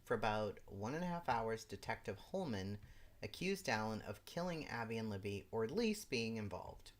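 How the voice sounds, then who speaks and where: Very low-voiced woman host, lively pitch. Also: normal speed. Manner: exasperated, incredulous asides. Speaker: livestream host. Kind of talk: reading a legal brief aloud with live commentary.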